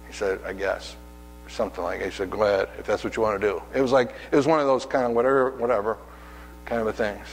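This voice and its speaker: A man's voice: mid-range voice, in a large hall, a little hiss or hum, rough recording. A man preaching a sermon as pastor, telling personal stories in a conversational way and acting out the voices in them. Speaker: pastor and hospice chaplain. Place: church sanctuary.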